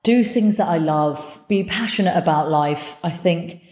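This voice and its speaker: A woman hosts her own podcast in a heartfelt, earnest monologue, dropping swear words without a second thought. Her voice sits low and mellow, never bright. The sound carries the echo of a bare room around it. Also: unhurried. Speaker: podcast host. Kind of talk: candid solo podcast talk.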